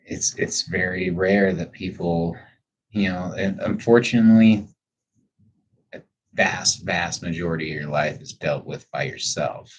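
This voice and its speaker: A man's voice: low voice, measured pace, slight background noise. A man chatting casually on a livestream, talking candidly and rambling a little, with plenty of swearing. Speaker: livestreamer answering chat. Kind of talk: casual reflective livestream chat. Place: at home.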